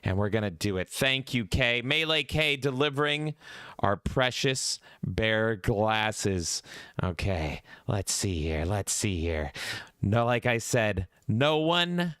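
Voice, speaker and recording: A man's voice: medium pitch, very animated, unhurried, fairly bright tone, smooth, dry recording, clean studio sound. A man co-hosting a podcast in goofy, theatrical casual chat, breaking into shrieks. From Canada. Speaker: podcast co-host.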